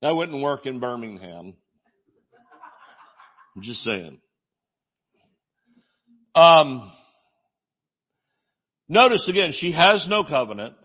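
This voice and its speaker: Male preacher, lively swooping delivery, slightly higher voice, dull lo-fi audio. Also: slow, long pauses. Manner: animated preaching, shouting exclamations, asides and jokes. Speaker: pastor. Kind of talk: sermon.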